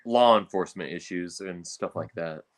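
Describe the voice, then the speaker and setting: Podcast guest: a man with a low-pitched voice, breeder talk, exasperated and blunt, lots of restarts. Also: normal speed. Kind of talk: casual podcast conversation.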